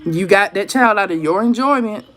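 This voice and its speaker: A woman's voice: mid-range voice, moderate pace. Woman venting in casual chat. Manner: animated storytelling, talks straight to viewers as "y'all". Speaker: live stream host.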